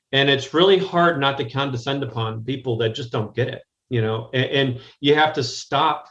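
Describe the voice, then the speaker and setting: A man's voice: medium pitch, fairly bright tone, reverberant, highs cut off. An American man speaking as a guest in a conversational interview, talking directly and often restarting his sentences. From United States. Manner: rambling, frequent restarts, direct. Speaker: guest business strategist. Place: Chicago, remote call.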